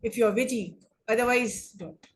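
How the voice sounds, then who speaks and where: A woman teaching an online English class on debating, speaking deliberately and often rephrasing her points. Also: fairly high pitch, poor audio. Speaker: English lecturer.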